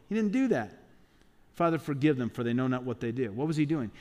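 A man's voice: a little high, fast talker. A male pastor preaching a sermon, emphatic, with rhetorical questions and acted-out quotes.

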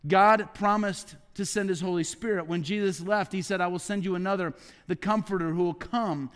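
A middle-aged man preaching a sermon as pastor, who often drops into a low hushed voice. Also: fairly even intonation, normal speed, smooth. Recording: long hall reverb.

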